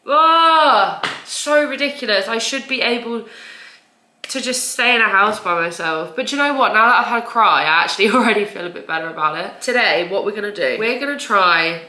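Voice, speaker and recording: Young woman, confessional home vlog, bright tone, rambling with nervous laughs, echoey room. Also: mid-range voice, a little fast. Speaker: vlogger. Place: home, indoors. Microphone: camera.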